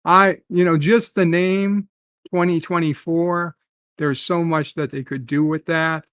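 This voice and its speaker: Guy ranting on his stream, swears a lot, slow and draggy, higher voice. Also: steady tone, fairly bright tone, clean tone, no echo, studio quality. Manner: profane, rambling, reads out chat comments. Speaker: live stream host. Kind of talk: rambling live-stream rant.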